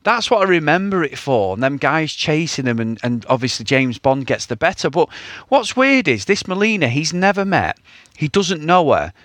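A man chatting on a film review podcast with a bright, higher pitch that swings widely. He swears often and laughs through his storytelling. The sound is dry with no room at all. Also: normal speed, no room sound. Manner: swearing, laughing, animated retelling. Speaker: podcast co-host. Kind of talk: casual film review chat.

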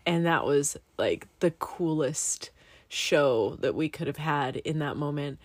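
A woman's voice: sits low, slow, dry recording. A young woman, a student pilot, chatting casually and telling stories candidly, with some swearing. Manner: candid, animated storytelling with swearing. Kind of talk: casual podcast chat.

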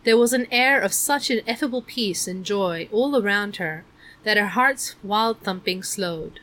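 Casting note: woman audiobook narrator, mid pitch, measured expressive reading.

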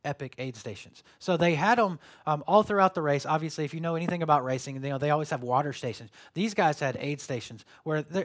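A male pastor giving a sermon, telling stories with sudden loud bursts and quiet drops. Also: fairly high pitch.

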